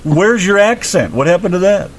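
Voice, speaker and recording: A man's voice: sits high, big pitch swings, moderate pace. A man co-hosting a casual interview show, teasing and playful with his guest. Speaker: co-host. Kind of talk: casual radio-style chat.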